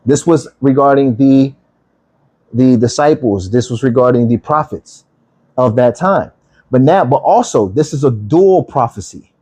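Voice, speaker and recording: A man's voice: mid-range voice, warm tone. A man teaching the Bible on a livestream, reading scripture aloud and then explaining it, checking in with listeners with "okay?" and "right?".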